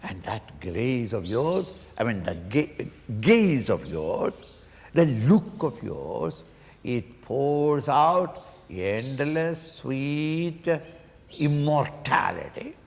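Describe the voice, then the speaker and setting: An older man giving a slow spiritual discourse, acting out pleading cries and chuckling as he explains a hymn. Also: medium pitch, sing-song, gravelly, darkish tone. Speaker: swami teaching a Sanskrit hymn. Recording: reverberant hall, faint noise.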